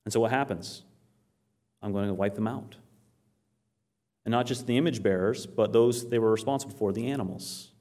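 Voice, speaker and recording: A man's voice: on the low side, normal speed, pauses often. A man preaching a Bible teaching, who asks his listeners questions and answers them himself, and reads scripture aloud. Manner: animated storytelling, quotes scripture aloud. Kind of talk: sermon.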